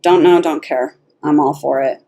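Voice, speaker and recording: A woman's voice: sits low, moderate pace. Blunt, profane woman reading tarot. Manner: animated, blunt and profane, laughs often. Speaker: tarot reader.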